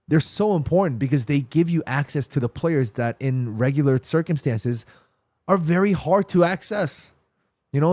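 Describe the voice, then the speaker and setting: A man's voice: mid-range voice, darkish tone, no room sound. A man with a New York accent hosting a football live stream, rambling casually and answering chat comments while tired. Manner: rambling, restarts and self-corrections. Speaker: football livestream host.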